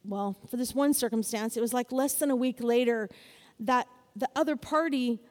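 A woman with a high voice delivers a sermon, talking chatty one moment and crying out loudly the next. Her voice rings through a hall with a long reverb. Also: normal speed. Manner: animated, builds to loud exclamations. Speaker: preacher.

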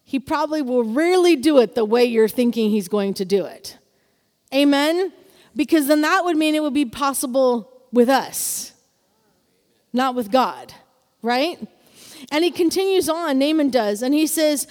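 Female preacher, high voice, lively sermon delivery, hall reverb. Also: a little slow. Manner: expressive, calls for congregation responses. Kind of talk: sermon with scripture reading.

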